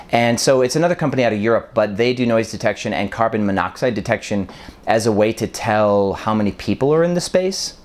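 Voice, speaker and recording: A man's voice: fairly low pitch, expressive, normal speed. A man from Wisconsin in his thirties, vlogging casually with lots of ums, speaking with a mostly neutral American accent that has a faint Wisconsin trace. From Wisconsin, USA. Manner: rambling, many ums, loose and chatty. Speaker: vlogger, short-term rental host. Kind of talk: casual vlog talk to camera. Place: indoors, apartment full of boxes.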